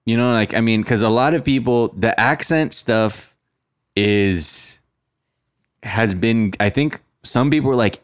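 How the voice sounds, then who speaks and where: A man's voice: fairly low pitch, moderate pace, dry recording, studio quality. A man hosting a podcast in a casual, joking chat, full of filler words. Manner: laid-back, joking, with lots of filler words. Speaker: podcast host.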